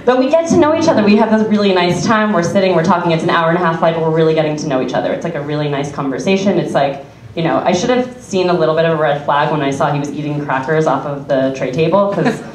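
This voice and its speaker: A woman's voice: sits low, fast talker, few pauses, slight background noise. A young adult woman telling a chatty stand-up story, laughing through her lines. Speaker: stand-up comedian. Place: comedy club stage with audience. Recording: echoey club from far off, crowd.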